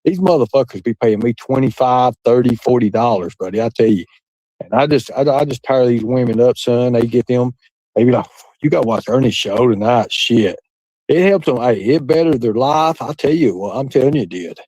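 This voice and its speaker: A man's voice: mid-range voice, normal speed, dark tone, no echo, rough recording. A man hosting a livestream, chatting with his audience in a crude, boastful, rambling way and laughing often. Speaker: livestream host. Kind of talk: casual chat with a live audience.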